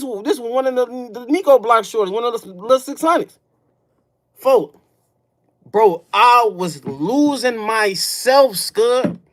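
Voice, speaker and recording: Storytelling casually on his livestream, this Chicago-accented host swings from low, brooding murmurs to loud, raised outbursts. His delivery is emphatic and profane, full of street slang and peppered with "folk" and "bro."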